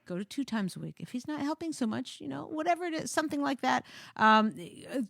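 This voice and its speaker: A woman's voice: high voice, sing-song, quick pace, gravelly, fairly bright tone, dry recording, studio quality. A woman hosting a talk show, giving marriage advice in a jokey, thinking-aloud way with many restarts.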